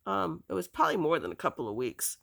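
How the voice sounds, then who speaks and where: A woman recounting a painful episode from her past in a halting, emotional, casual way. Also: fairly low pitch, wildly swooping pitch, creaky. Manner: halting, full of restarts and "you know" fillers. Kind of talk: casual spoken recollection.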